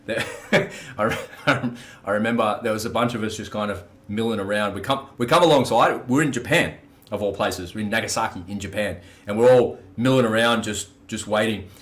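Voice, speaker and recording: A man's voice: lowish voice, fairly quick, a bit bright. Blunt, profane man. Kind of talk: casual podcast conversation.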